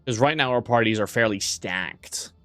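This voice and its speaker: A man's voice: on the low side, normal speed, pushed and bright, no echo, faint music behind. Rambling, self-mocking man streaming a game. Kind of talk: casual gameplay commentary.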